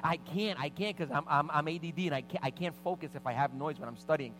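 A middle-aged man preaching as pastor, telling a lively personal story and acting out the voices of the people in it. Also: fairly high pitch, fast, noisy background. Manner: animated anecdotes with vivid quoted voices. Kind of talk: sermon storytelling.

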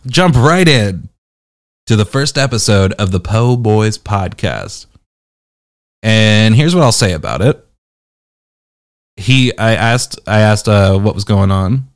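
Brief: male podcast reviewer, low-ish voice swinging wildly up and down, sarcastic and teasing. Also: animated, slow pace, pauses often. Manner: sarcastic, teasing, jumpy delivery. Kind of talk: casual podcast review chat.

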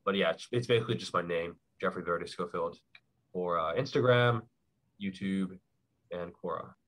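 A young man with a fairly low voice talks casually as a podcast guest. He explains at length in a loose, rambling way and fills the gaps with "like" and "um.". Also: normal speed. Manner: relaxed, rambling explanations with many fillers. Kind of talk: casual chat.

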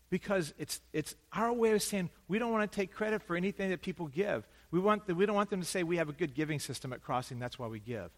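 A middle-aged male pastor preaching in a church sanctuary, his fairly high voice carried by a long hall reverb. He is animated, punching some phrases loudly and dropping others to a hush. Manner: animated, swinging from loud emphasis to hushed asides. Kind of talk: sermon.

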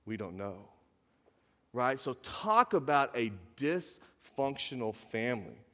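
A man preaching a sermon, retelling a story with lively acted quotes and building to emphatic peaks. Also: medium pitch, slow. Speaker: pastor. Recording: long hall reverb.

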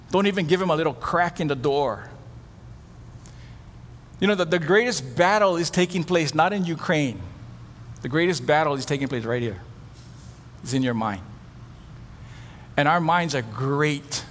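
A middle-aged male pastor preaches, slipping into the voices of the people in his stories. His voice sits a little high, and it rings out with the long reverb of a large hall over faint background ambience. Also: a little hiss or hum. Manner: animated storytelling, acts out quoted voices. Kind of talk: sermon.

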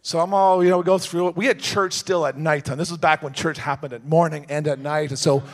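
Male preacher with a high voice, lively storytelling sermon, quiet asides rising to shouts. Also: brisk. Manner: storytelling, swings from hushed to shouting.

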